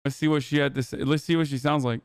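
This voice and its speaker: A man's voice: fairly high pitch, steady tone, fast talker, clear, resonant tone, no echo, studio quality. A young man streaming heated, profane political commentary, full of fillers and swearing. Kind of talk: casual ranting commentary.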